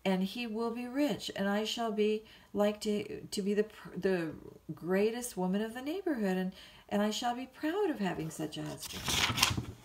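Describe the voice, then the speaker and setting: A woman's voice: medium pitch, lively intonation, slight background noise, pitched above the performer's own voice, natural voice. A woman playing a petulant, willful young lady. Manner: petulant, pleading, quick to flare up. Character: willful, restless young woman, twenty-two. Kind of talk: storybook reading.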